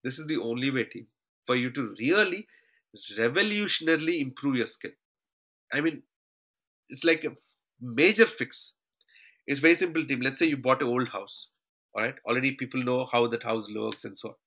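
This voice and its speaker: A man with a mid-range voice teaches a live online class over a shared screen, talking at a normal speed with long pauses in a pushed, bright tone. He calls his students "team" and tags his points with "okay" and "all right." The recording is rough.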